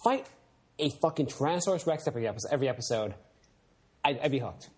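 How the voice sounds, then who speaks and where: A man's voice: medium pitch, animated, fast, a little mellow, slightly rough. A man co-hosting a podcast, chatting casually and rambling with lots of fillers. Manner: rambling, many fillers, acts out silly voices when retelling scenes. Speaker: podcast co-host. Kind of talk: casual chat.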